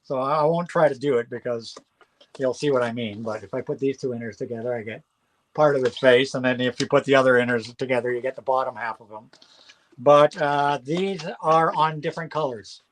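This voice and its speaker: A man hosting a live auction from home, chatting casually and excitedly and rattling off long lists. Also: medium pitch, brisk, a little hiss or hum. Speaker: host selling records at a live auction.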